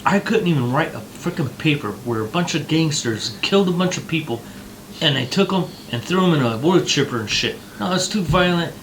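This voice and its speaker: A man's voice: on the high side, animated, a little fast, a bit bright, a little hiss or hum, poor audio. Profane, heated man ranting. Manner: profane, heated ranting with mocking put-on voices. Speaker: podcast co-host. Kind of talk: casual ranting chat.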